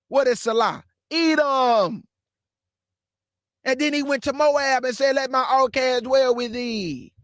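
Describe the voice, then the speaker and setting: High-voiced fast-talking preacher man. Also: animated, a bit bright, no room sound, clean studio sound. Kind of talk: live-streamed bible teaching.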